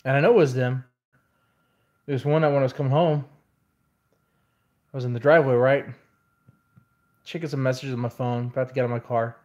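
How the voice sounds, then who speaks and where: A man's voice: medium pitch, darkish tone. A man venting in a casual vlog, telling a rambling story in an exasperated way. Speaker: vlogger.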